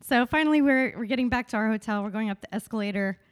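A woman's voice: fairly high pitch, fast. A woman co-hosting a casual podcast, recounting a story and laughing often. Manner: giggly, laughs through her telling. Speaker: podcast co-host.

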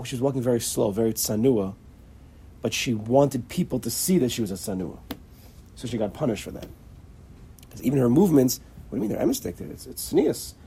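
Very husky, gravelly man teaching. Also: mid-range voice, mellow. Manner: halting, repeats words, acts out little dialogues. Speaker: religious teacher. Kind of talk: informal Torah lecture.

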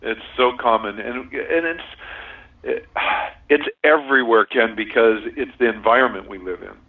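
A man's voice: on the low side, normal speed. A man speaks earnestly and reflectively, laughing now and then and circling back on his words. His voice is thin and phone-like and sounds far from the mic. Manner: earnest, reflective, laughs often, many restarts. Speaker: guest sharing a relationship compatibility system. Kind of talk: casual interview talk. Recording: distant, tinny phone-line sound.

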